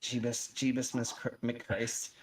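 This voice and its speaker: A man's voice: medium pitch, completely flat delivery, slow pace, far from the mic. Joking stream host man, swears freely. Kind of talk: casual profane chat.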